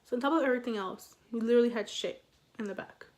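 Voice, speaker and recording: Young woman vlogging a storytime, kinda high voice, swears, laughs a lot, acts out everyone. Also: fast, darkish tone, a little hiss or hum. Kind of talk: casual storytime.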